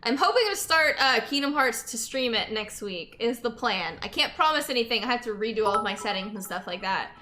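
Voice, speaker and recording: A woman's voice: fairly high pitch, animated, brisk, few pauses, over music. A young woman streaming and chatting casually, laughing often and reading chat aloud, tired from lack of sleep. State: sleep-deprived.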